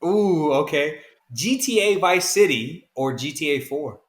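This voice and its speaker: A man's voice: on the high side, animated, measured pace. A man from the American South co-hosting a podcast in casual chat, laid-back and rambling, calling his friend "man". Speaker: podcast co-host.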